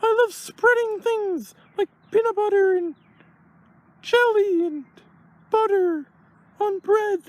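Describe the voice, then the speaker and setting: A woman voicing a childlike plush toy creature, talking in a slow, sing-song way. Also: very high-pitched, dry recording, poor audio. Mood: dreamy.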